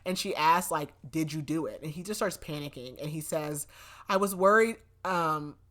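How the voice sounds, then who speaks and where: A woman's voice: low voice, moderate pace, fairly bright tone. A young woman hosting a podcast, recapping a novel in a casual, chatty way with lots of fillers and frequent laughs. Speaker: podcast host. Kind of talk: casual book recap chat.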